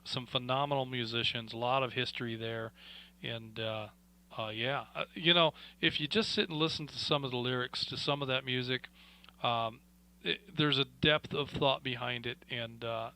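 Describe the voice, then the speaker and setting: A man hosting an amateur radio net with a bright, forward voice. He talks in a relaxed, folksy way, full of fillers. The tone stays friendly and conversational. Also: mid-range voice, moderate pace, vocal fry, low-quality recording. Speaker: radio net control host. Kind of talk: casual radio net chat.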